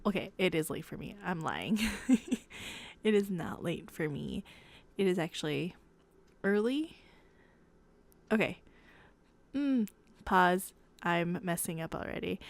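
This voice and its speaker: A young woman hosting her own podcast at home at night in a hushed, half-whispered voice, rambling and giggly and correcting herself as she chats casually. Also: fairly low pitch, animated, measured pace, creaky, long pauses. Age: young adult. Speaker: podcast host.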